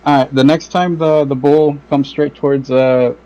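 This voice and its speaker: A man's voice: a little high, fairly even intonation, normal speed, mellow, highs cut off. A man playing a tabletop role-playing game, speaking casually and hesitantly with many fillers. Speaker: player.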